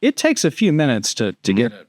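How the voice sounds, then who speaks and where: A man's voice: medium pitch, huge pitch swings, brisk, dry recording, clean studio sound. A man, a retired army captain and guest, telling long rambling war anecdotes in a casual podcast interview, padding with fillers. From United States. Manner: rambling anecdotes padded with "too" and "and everything".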